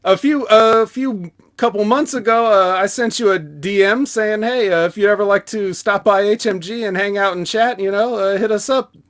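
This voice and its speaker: High voiced dude on a call, joking around, keeps restarting his sentences. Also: moderate pace, few pauses, a bit bright. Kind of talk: casual live show chat.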